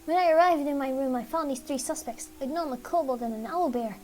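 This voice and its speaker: Woman doing a small dramatic mouse, high voice, theatrical, pleading. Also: a little fast, darkish tone, faint music behind, natural voice. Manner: theatrical, pleading, self-pitying. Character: small fussy dramatic mouse who lost a sword.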